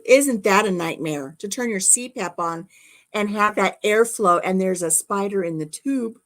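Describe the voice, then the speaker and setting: A woman's voice: medium pitch, a little slow, a bit bright. A middle-aged woman hosting a casual chat, telling stories animatedly with shrieks, whispers and laughter. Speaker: channel host.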